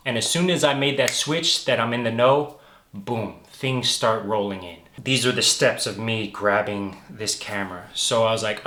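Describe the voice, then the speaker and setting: A man's voice: on the low side, normal speed, sharp tone, echoey room. A man vlogging in a casual, enthusiastic way, loose and chatty and full of "like". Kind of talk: casual chat to camera. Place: lives in London.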